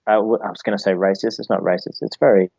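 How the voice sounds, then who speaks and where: A man's voice: on the low side, steady tone, fast talker, creaky, lo-fi sound, crowd noise. A young Australian man chatting as a guest, teasing and joking with his hosts. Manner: playful, teasing. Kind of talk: casual chat.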